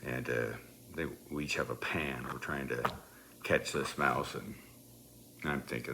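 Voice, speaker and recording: A middle-aged man with a very deep yet bright, forceful voice tells a family story, rambling along with plenty of "you know" fillers. He keeps laughing as he talks, and a faint hiss sits under the recording. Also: unhurried, long pauses. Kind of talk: casual personal anecdote.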